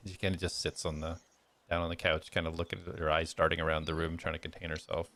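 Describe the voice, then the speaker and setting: Low-voiced man narrating as game master. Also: completely flat delivery, fast talker, bright, forceful tone, faint music behind. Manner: loose, filler-heavy narration.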